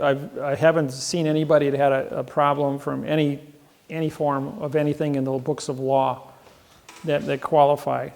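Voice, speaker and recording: Gravelly boastful guy rambling thru seminar stories, repeats himself a lot. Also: a little high. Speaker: seminar speaker. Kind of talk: seminar talk, storytelling to an audience. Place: seminar room.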